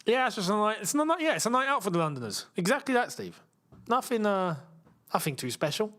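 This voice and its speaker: Male watchalong host, high-pitched and very lively, jokey and chatty. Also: fast talker. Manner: joking, laughs often. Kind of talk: casual live match commentary.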